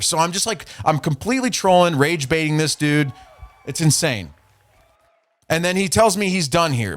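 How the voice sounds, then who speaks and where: Podcast guy swearing his way through a story, voice sits a bit high. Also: brisk, fairly bright tone. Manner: profane, trolling, reads messages aloud. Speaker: podcast host. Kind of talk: casual storytelling.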